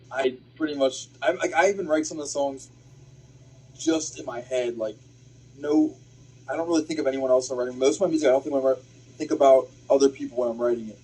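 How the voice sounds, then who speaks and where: A man's voice: medium pitch, darkish tone, husky, rough recording. A man, an independent musician, answering interview questions casually with many fillers and restarts.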